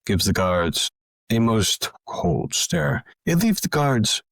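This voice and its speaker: A man's voice: mid-range voice, sing-song, takes it slowly, creaky, fairly bright tone, dry recording. A man narrating a tabletop game as game master, theatrical and speaking to the listeners.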